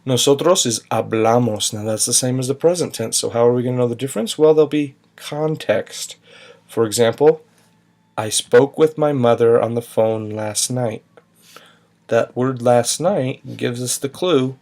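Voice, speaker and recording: Man, teacher, patient, explains step by step, mid-pitched voice. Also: moderate pace, a little mellow. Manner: patient, spells out endings, sings a short chant. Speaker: Spanish teacher. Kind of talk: recorded grammar lesson.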